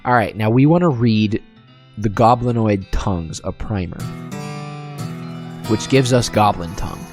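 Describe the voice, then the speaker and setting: A man's voice: on the low side, a little slow, music in the background. A man casually commenting on and reading aloud from a video game, chatty and self-deprecating. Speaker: video game let's-play host.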